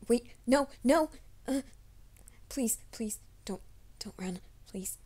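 A woman's voice: mid-range voice, fairly even intonation, slow, dark tone, breathy edge. A woman voicing an anxious young male werewolf who stammers and pleads, in a whispered role-play. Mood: panicked pleading.

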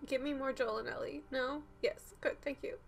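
A woman's voice: high-pitched, steady tone, normal speed, gravelly. A young woman reacting to a TV episode, swearing and pleading with the characters on screen. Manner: profane, talks back at the screen. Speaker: reaction video host.

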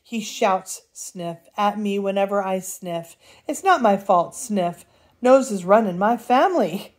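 A woman's voice: mid-range voice, slow pace. Grandma doing a sniffly little dwarf guy, sniffs mid sentence. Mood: whiny. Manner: sniffing between words. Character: sniffly runny-nosed little man dwarf.

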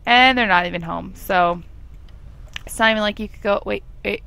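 Young woman, gravelly tone, chatty let's play commentator who talks to her characters and giggles a lot. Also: medium pitch, moderate pace, sharp tone. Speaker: gameplay commentator.

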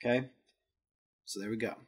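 Husky man reading casual soccer notes. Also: medium pitch, fairly even intonation, moderate pace. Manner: jokey asides, stumbles over Spanish words. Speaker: podcast host.

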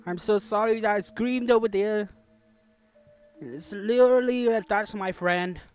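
Faint music sits behind a smooth, high voice speaking at a measured pace. The young man is playing a horror game on his own channel, talking to the characters, and he's jumpy, yelping and screaming when frightened.

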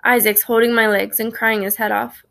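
A woman's voice: on the high side, level tone, normal speed, gravelly, fairly bright tone. A woman narrating a children's story in the first person, reading expressively. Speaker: audiobook narrator.

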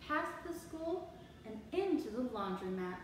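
A woman teacher reading a picture book aloud to children, animated and expressive with asides, heard from far off in an echoey room. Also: on the high side, measured pace, slight background noise.

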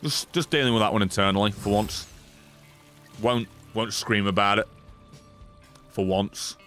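Game music accompanies a man streaming a video game, his fairly low voice unhurried. He gets excited, cracks jokes and swears constantly.

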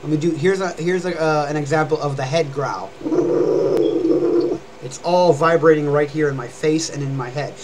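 A man's voice: a little high, normal speed, heavy background noise. A young man streaming live and chattily explaining how to scream and growl, rambling and demonstrating as he goes. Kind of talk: casual live-stream vocal lesson.

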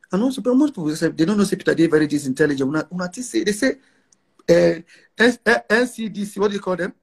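Husky, fairly high-voiced Nigerian man; brash, defiant interviewee. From northern Nigeria. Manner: brash, defiant, repeats phrases for emphasis. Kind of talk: boastful interview talk.

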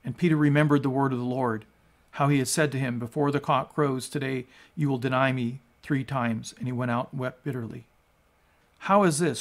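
An American male pastor with a medium-pitched voice delivers a sermon and reads scripture. He speaks emphatically, rising to loud peaks on the quoted lines.

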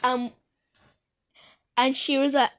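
High-voiced excitable woman gaming. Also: slow, no room sound. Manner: excitable, shrieks when startled, giggly. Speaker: gaming video creator. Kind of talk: casual gameplay chat with a friend.

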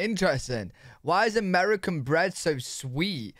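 A young British man chatting casually as he reacts to a video, with a relaxed slangy manner. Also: high voice, moderate pace, no room sound, studio quality. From United Kingdom. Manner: laid-back slangy chatter with "yo" and "bro". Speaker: reaction host.

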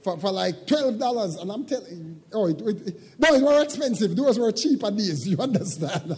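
An older man preaching a sermon as pastor, moving from quiet, halting reflection to loud, shouted preaching. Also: sits high, expressive, breathy edge, long reverb tail. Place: church sanctuary.

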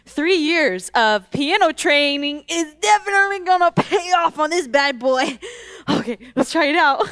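A woman co-hosting a kids church skit on a stage, excitable and full of exclamations and gasps. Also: high-pitched, unhurried. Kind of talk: comedic skit with co-host. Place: indoor theater stage. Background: background music.

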